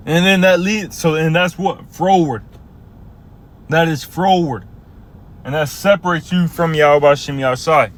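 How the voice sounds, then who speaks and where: A man casually teaching scripture, earnest and halting, reading verses slowly and with emphasis. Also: fairly high pitch, fairly bright tone, slight background noise. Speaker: bible teacher.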